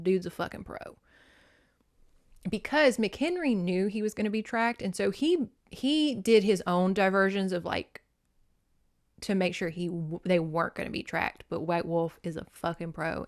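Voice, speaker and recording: A woman hosting a podcast, chatting casually about a book, emotional and teary, swearing often and breaking into tearful laughter. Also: mid-range voice. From United States. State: teary, crying. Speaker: podcast host reviewing a book. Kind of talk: casual chat.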